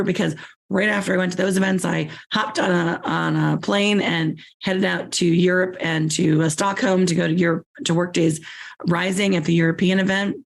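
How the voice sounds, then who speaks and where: A woman hosting a podcast while getting over a cold, her voice scratchy and hoarse, talking in a chatty way with frequent repeated words. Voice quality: scratchy, squeaky voice. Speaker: podcast host.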